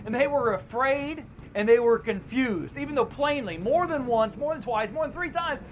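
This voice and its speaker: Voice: mid-range voice, lively intonation, normal speed, slight background noise, rough recording. A pastor giving an evening sermon in a casual, conversational way, acting out the voices of the people in the story. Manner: conversational, acts out quoted voices with laughs.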